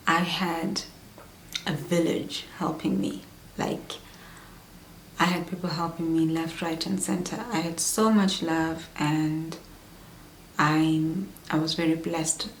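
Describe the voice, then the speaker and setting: A woman in her thirties, candidly chatting through a personal pregnancy vlog, sometimes dropping into soft whispery asides. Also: lowish voice. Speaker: vlogger. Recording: echoey room with faint hum.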